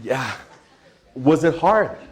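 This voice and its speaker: A man presenting an interactive workshop, energetic, quizzing the audience and laughing often. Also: on the high side, takes it slowly, slightly rough. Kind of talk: interactive stress-management workshop.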